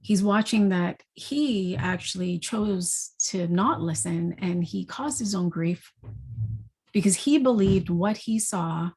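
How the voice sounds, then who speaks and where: Husky, low-voiced woman telling a story. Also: slow. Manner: animated storytelling with frequent "you know" and "right?". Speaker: intuitive energy forecaster. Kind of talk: spiritual talk retelling a movie story.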